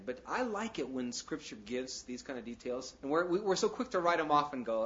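A man's slightly high, a bit bright voice swings widely in pitch at a moderate pace as he preaches informally. This pastor fills the sermon with "you know" asides, jokes, and acted moments, recorded with dull, lo-fi sound.

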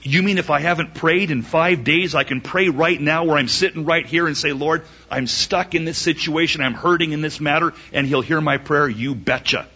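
A man preaching a sermon emphatically, asking rhetorical questions and swinging his pitch up and down. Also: normal speed, few pauses, pushed and bright, husky. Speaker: pastor. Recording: dull lo-fi recording.

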